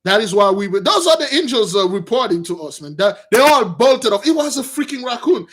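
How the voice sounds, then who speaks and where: Man, high voice, rambling, animated, religious news commentary. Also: a little fast. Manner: rambling, animated, addresses listeners as brothers. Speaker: channel host.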